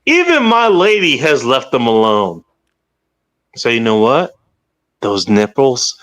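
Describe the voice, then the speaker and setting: A man's voice: medium pitch, big pitch swings, takes it slowly, pauses often, a bit bright. A man hosting a casual livestream chat, rambling and swearing freely, with hiccups. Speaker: podcast host.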